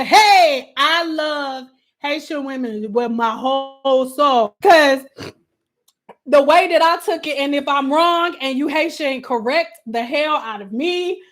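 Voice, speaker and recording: A young adult woman, a hair stylist, telling a story in a casual vlog, animated and swearing freely. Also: sits high, slow pace. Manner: animated, profane, full of fillers.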